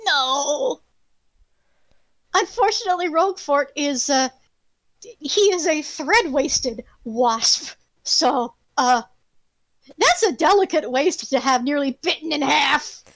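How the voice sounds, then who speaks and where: A woman narrating a tabletop game as game master, animated and laughing, swearing freely. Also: high-pitched, unhurried, dry recording.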